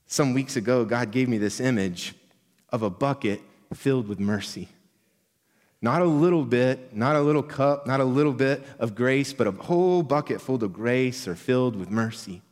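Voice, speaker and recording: A man's voice: medium pitch, moderate pace, a little mellow. Earnest male pastor preaching in a reverberant hall. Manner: earnest, builds to emphatic quoted lines, drops to near whisper. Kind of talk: sermon.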